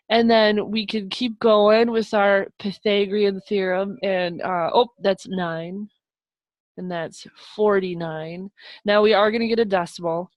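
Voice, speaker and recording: A woman's voice: medium pitch, no echo. A young adult woman teacher giving a live online math lesson over a video call, upbeat and encouraging, with chatty asides to her students. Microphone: video call microphone.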